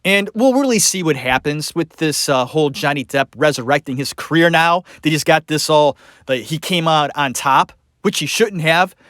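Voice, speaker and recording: A man's voice: a little high, animated, normal speed, hardly any pauses, a bit bright, no echo, studio quality. A man hosting a podcast, ranting sarcastically and emphatically in a solo opinion monologue. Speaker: podcast host.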